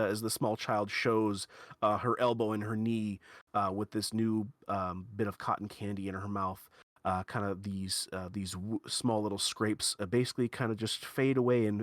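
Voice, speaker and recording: Halting, dry-voiced male game master. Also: on the low side, no room sound. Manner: halting, many fillers and restarts, playful. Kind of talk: narrating a tabletop game.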